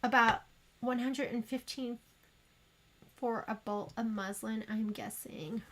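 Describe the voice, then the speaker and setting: A woman's voice: a little high, steady tone, slow, fairly bright tone. A woman hosting a sewing livestream, chatting casually and rambling to her viewers as she works. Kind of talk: casual chat while sewing.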